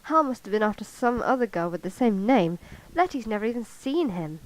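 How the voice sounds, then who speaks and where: A woman reading a novel aloud and voicing a jubilant, lovestruck young man who gushes with excitement, recorded on a cheap karaoke mic. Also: on the high side, brisk, natural voice, low-quality recording. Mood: excited. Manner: excited, gushing.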